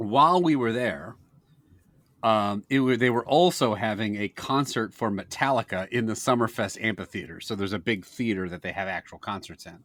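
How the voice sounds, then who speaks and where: A man's voice: normal speed, no echo. A man from Wisconsin, co-hosting a casual snack-tasting podcast and telling rambling, crude, comic stories. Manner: rambling storyteller, crude jokes, lively pitch. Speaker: podcast co-host, snack taster. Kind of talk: casual comedic chat.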